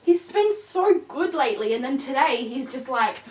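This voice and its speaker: This woman's voice sits high, with lively intonation, a moderate pace, and hardly any pauses, though the tone is on the dark side. A somewhat tired vlogger with a new puppy, she rambles through a casual chat full of fillers. It's recorded from a distance in an echoey room.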